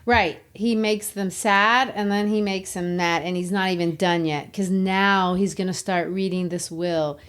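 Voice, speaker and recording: A woman co-hosting a literature podcast, retelling scenes in an animated, storytelling way. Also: fairly low pitch, unhurried, few pauses, smooth. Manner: animated storytelling, laughs often. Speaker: podcast co-host.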